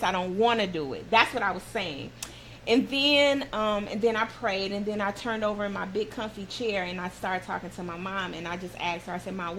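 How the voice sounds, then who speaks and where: A woman's voice: medium pitch, fairly bright tone, slight background noise, low-quality recording. Female talk show host, sincere motivational speaker sharing personal stories, mid-range voice. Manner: heartfelt, encouraging, personal storytelling.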